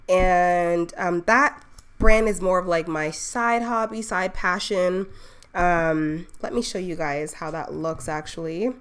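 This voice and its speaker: Chatty young woman from the Bahamas. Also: lowish voice. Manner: chatty, often checking in with "okay?" and laughing at herself. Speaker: online business owner hosting a live stream. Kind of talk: casual live-stream presentation.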